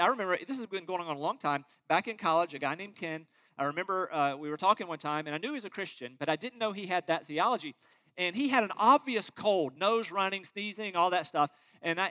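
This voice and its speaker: A middle-aged man delivers a sermon with a high, bright, forceful voice. He preaches earnestly, pushing loud on key words and sinking into quiet, low asides. His tone stays sincere throughout. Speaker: pastor.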